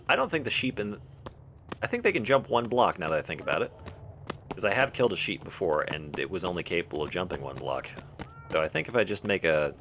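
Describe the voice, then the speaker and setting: While streaming a game live, a man jokes and thinks out loud as he replies to chat. His voice is low, creaky and a touch bright, with a faint hiss or hum behind it.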